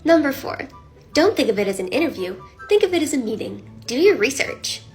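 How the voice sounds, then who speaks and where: A woman's voice: high voice, big pitch swings, a little fast, soft background music. A woman giving upbeat, encouraging career tips straight to camera in a punchy, casual way. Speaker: career advice creator.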